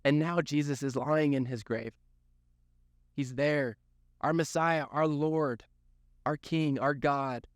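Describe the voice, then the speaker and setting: A man's voice: a little high, no echo, clean studio sound. A man giving a youth sermon, telling the story earnestly, with lots of repetition for emphasis. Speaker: youth pastor.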